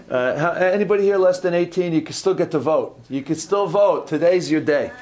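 A male preacher with a fairly high voice gives an informal sermon to a gathered congregation. He talks in a loose, chatty way, repeating words and correcting himself. He keeps turning to the room with questions. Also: normal speed, darkish tone.

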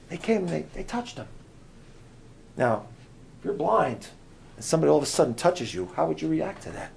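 A man preaching a sermon at a camp meeting, dramatic and full of questions to his listeners, swinging from loud cries to hushed whispers. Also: a little high, very animated, normal speed, vocal fry. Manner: asks the audience many questions.

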